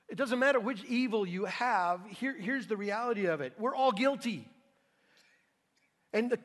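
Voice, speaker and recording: Emphatic male preacher in a reverberant hall. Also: a little high. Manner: emphatic, swings from hushed to loud. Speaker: pastor. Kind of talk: sermon. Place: church sanctuary. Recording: long reverb of a church hall.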